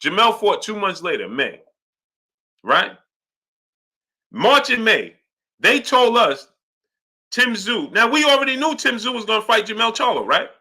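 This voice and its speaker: A man's voice: high voice, measured pace, long pauses. A man hosting a live boxing talk stream, reading out super chats and arguing his point with repeated "right?" checks. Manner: animated, repetitive, asks "right?" often.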